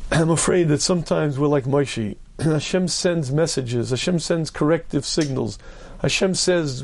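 Brief: rabbi, lecture voice, gravelly and dark, emphatic. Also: male voice, on the high side, a little slow. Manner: earnest, emphatic, repeats key phrases; clears throat often. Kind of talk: Torah lecture.

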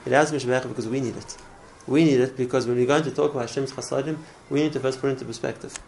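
A man's voice: mid-range voice, steady tone, very fast, gravelly, a little mellow, slight background noise, rough recording. A man teaching a religious class in an earnest way, often repeating words and restarting his phrases. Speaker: Torah teacher.

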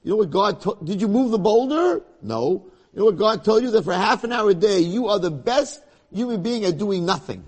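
A man voicing a mocking male Satan who taunts and sneers, husky-toned. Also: mid-range voice, measured pace, a little mellow. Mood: scornful.

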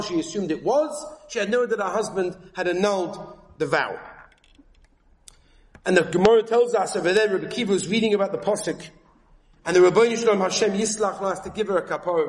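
High-voiced man giving an emphatic sermon. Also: echoey room. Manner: emphatic, rising to high pitch when voicing quoted figures. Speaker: rabbi giving a talk. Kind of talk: Torah lecture with Yiddish-inflected Hebrew terms.

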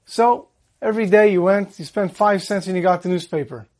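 A man giving a holiday Torah talk, telling a story in a calm way and slowing down on the Hebrew verses. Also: sits high.

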